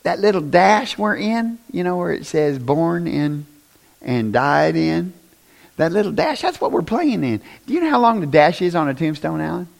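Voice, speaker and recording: A man preaching a conversational sermon, often asking the congregation questions and rising to loud, emphatic bursts. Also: a little high, very animated, normal speed, vocal fry. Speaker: pastor.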